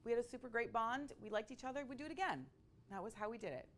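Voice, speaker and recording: A woman telling a personal story in a conversational, expressive way, with frequent asides to her listeners. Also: a little high, fast. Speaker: speaker sharing a personal story.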